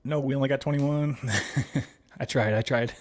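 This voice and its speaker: A man's voice: mid-range voice, steady tone, unhurried, a little mellow. A man hosting a casual livestream, reading viewer comments aloud and answering them, laughing often and calling viewers buddy. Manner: laughs often, reads chat aloud and replies; friendly, calls viewers babies and buddy. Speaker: livestream host.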